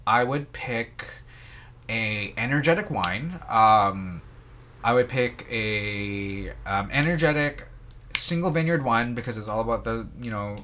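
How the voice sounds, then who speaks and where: A man's voice: medium pitch, expressive, a little slow, pushed and bright, a little hiss or hum. A man chatting casually as a podcast guest, rambling with many fillers and restarts as he describes things. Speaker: sommelier guest.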